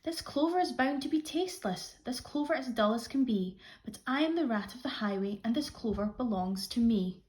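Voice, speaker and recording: A woman voicing a greedy, boastful male rat highwayman in a children's story, chanting his demands. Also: animated, moderate pace, few pauses, a little mellow, natural voice. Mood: greedy boasting. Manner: blustering, demanding sing-song chant.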